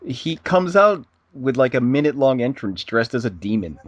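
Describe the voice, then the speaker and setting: A man co-hosting a casual podcast, laid-back and joking, quick to laugh. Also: medium pitch, big pitch swings, no echo, lo-fi sound. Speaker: podcast co-host. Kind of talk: casual chat.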